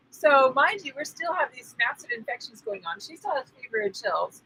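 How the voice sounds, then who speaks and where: Animated high-voiced woman telling a story. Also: a little fast, husky, rough recording. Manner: animated, acts out quoted voices, laughs often. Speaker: spiritual teacher co-host. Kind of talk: casual storytelling.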